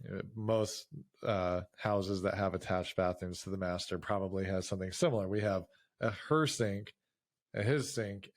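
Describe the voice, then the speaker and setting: A middle-aged man and teacher co-hosting a podcast in casual chat, an animated storyteller who laughs often. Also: fairly low pitch. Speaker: podcast co-host, teacher of young kids.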